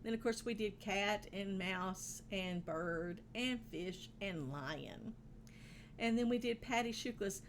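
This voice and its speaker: A woman hosting a children's stream, chatting casually as she recaps the day's songs and crafts, relaxed and quick to laugh. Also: medium pitch, a little hiss or hum.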